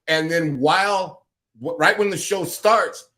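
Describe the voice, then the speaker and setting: A man co-hosting a podcast in casual chat, telling stories in an animated, profane way and mocking his co-host with impressions. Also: on the high side, unhurried.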